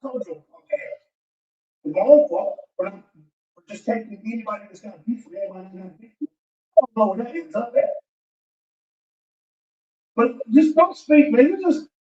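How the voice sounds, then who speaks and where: A man's voice: extremely high pitch, a little mellow. Distant, muffled man ranting defensively. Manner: defensive, profane, rambling. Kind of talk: angry video rant. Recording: dull, roomy audio from a distance.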